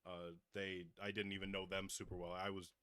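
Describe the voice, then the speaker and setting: A young adult man with a fairly low, bright voice rambles easily through a story on a podcast. His delivery is laid-back and full of loose asides. The sound is dry and close, with no room echo. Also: flat delivery, brisk, clear, resonant tone. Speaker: podcast host. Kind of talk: casual chat.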